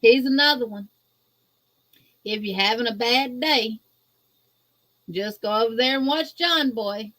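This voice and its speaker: A woman from Louisiana with a Southern accent, guest-hosting a crochet livestream and chatting casually with viewers, greeting them in a folksy, drawn-out way. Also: fairly high pitch, a bit bright. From Louisiana, USA. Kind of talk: casual livestream chat reading viewer comments.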